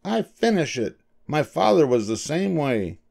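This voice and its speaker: An older man doing a squeaky, brisk mouse dentist. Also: big pitch swings, creaky, mellow, exaggerated voice. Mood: stern. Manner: high, clipped and firm. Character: small fussy male mouse dentist, brisk.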